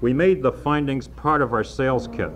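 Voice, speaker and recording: A man reading a novel aloud in a measured, wry storytelling manner. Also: mid-range voice. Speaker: audiobook narrator.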